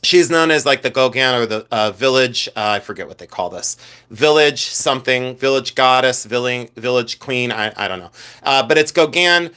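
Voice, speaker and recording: A man chats to his live-stream viewers in a loose, campy, animated way, reacting to their comments as he talks. His voice is bright and forward, pitched in the middle for a man. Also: normal speed, clean tone. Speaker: podcast host and jewelry collector. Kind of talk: casual live-stream chat.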